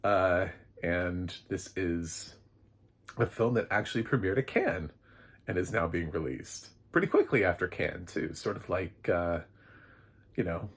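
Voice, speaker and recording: Low, slightly husky male film reviewer; loose, chatty delivery with plenty of fillers. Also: a little slow. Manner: rambling and chatty, with many fillers and light laughs. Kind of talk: casual spoken movie review.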